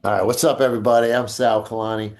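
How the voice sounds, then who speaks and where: A man's voice: lowish voice, level tone, fast talker, slight background noise. Joking male podcast co-host. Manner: joking, teasing banter. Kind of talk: casual chat.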